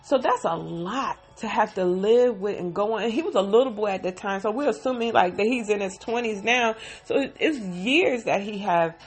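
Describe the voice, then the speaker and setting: A woman's voice: medium pitch, moderate pace, few pauses, slightly rough. A woman casually recapping a TV episode into a phone, with sighs and heartfelt emotion. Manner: emotional, sighing, heartfelt retelling.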